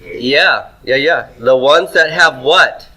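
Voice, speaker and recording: A man's voice: medium pitch, lively intonation, takes it slowly, pushed and bright, rough recording. A man teaching Hebrew grammar in a classroom lecture, asking questions and answering them himself.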